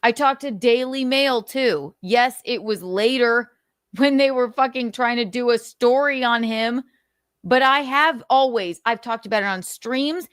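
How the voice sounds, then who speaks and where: A woman's voice: on the high side, a little slow, a bit bright, smooth, dry recording, clean studio sound. A woman hosting a livestream, ranting angrily with constant swearing and repeated rhetorical questions, at times choked up. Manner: angry, profane, repetitive rhetorical questions. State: choked up with emotion. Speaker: livestream host. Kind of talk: heated commentary rant.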